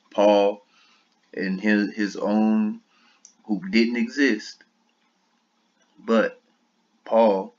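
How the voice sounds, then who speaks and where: Deep voiced guy ranting slow, swears nonstop, kinda muffled lo-fi sound. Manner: blunt, combative, heavy swearing. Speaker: online commentator. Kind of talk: profane reaction commentary.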